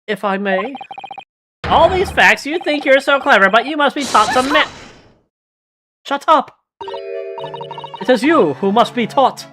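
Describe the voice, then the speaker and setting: Brief: woman playing a snooty English aristocrat, put-on accent, sneering, swooping lively pitch, game music underneath. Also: measured pace, long pauses. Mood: indignant. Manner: theatrical, sneering, dramatic reading. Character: haughty aristocratic English lady, scornful. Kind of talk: reading game dialogue aloud.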